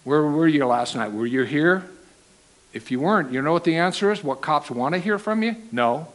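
A man preaching a sermon, animated and acting out the quoted lines. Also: on the high side, moderate pace, poor audio.

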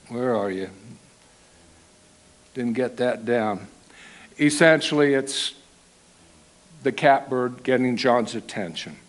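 A man preaching a sermon, animated and acting out the quoted lines. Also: fairly high pitch, low-quality recording.

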